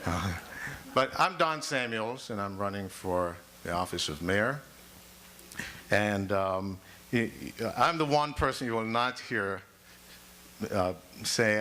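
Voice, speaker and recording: Bright-voiced man giving a rousing campaign speech. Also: fairly low pitch, takes it slowly. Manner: rousing, repeating phrases with rising emphasis. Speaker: mayoral candidate. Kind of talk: debate opening statement. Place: public forum hall.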